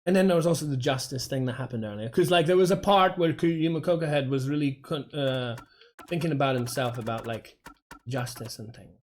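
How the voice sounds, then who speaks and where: A Dorset man with an English accent talks briskly at a medium pitch while streaming a game. His chat is rambling and full of fillers, and he keeps cutting himself off.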